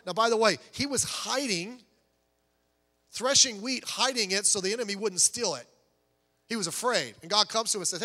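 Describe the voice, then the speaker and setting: A man preaching a sermon as pastor, swinging from soft low asides to raised, pleading urgency. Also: brisk, long pauses. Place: church sanctuary. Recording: church hall reverb.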